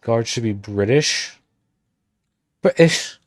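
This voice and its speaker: A man's voice: on the low side, steady tone, moderate pace, creaky, no echo, clean studio sound. A man casually talking through his game-building work on a livestream, muttering commands as he types. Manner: mutters commands aloud while typing. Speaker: streamer and game developer.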